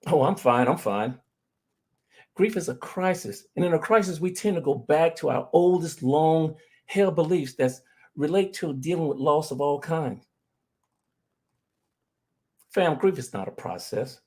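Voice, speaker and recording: Husky and darkish in tone, this man's voice sits on the high side. He's a middle-aged grief recovery specialist sharing his own stories with earnest conviction, addressing the audience directly as he motivates them.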